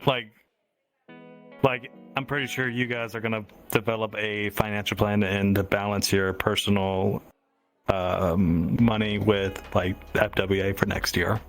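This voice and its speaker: A man with a Southern US accent and a fairly low voice talks casually on a podcast. He works through his ideas out loud with fillers, and soft music plays faintly in the background. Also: little pitch movement, measured pace. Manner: reflective, thinking out loud with fillers. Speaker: podcast co-host.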